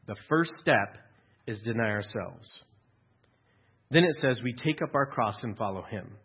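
A man's voice: medium pitch, husky, highs cut off. A male pastor preaching a sermon in a church, talking conversationally with dry humor and acting out quotes.

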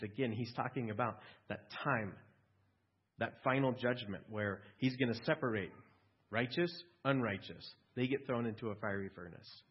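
Husky-voiced male pastor preaching. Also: mid-range voice, normal speed. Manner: conversational, asks listeners questions, small restarts. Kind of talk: sermon. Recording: dull lo-fi recording.

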